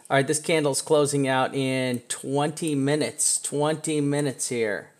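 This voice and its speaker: A man hosting a trading live stream, talking casually over charts, chatty and self-mocking, with bursts of excitement. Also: mid-range voice, moderate pace, few pauses.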